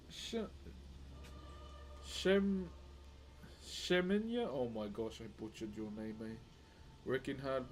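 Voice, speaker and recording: A man's voice: on the high side, a little mellow, slight background noise. A man with a New Zealand accent, chatting casually with viewers on a live stream while he works on wood carving, calling everyone bro. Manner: laid-back, chatty, greets viewers as bro.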